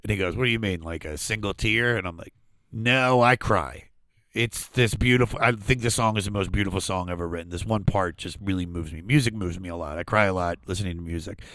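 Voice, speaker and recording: Male comedian guest, casual podcast storyteller, lively, does voices, dry close mic. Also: low voice, fairly quick, no room sound. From Washington D.C. area. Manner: animated storyteller, acts out voices, frequent laughs.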